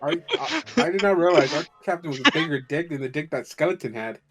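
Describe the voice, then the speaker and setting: Animated, incredulous man complaining. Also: a little high, fast. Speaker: player. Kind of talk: casual tabletop game chat.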